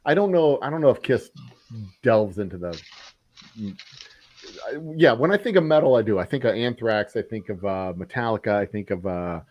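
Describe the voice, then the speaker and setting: A man's voice: lowish voice, animated, moderate pace, darkish tone, no echo, lo-fi sound. A middle-aged man hosting a whiskey talk show, chatting casually in a blunt, profane way. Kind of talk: casual chat.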